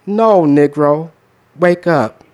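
A man's voice: a little high, takes it slowly, darkish tone. Man performing spoken word poetry. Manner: conversational with laughter, then rhythmic performed delivery. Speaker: poet.

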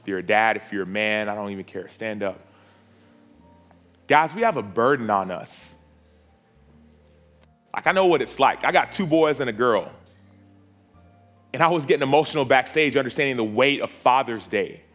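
A man of middle pitch leads an altar call from the front of a church auditorium. He builds his appeal through insistent, pleading repetition. Soft music plays faintly behind him. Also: expressive, normal speed, long pauses. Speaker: preacher.

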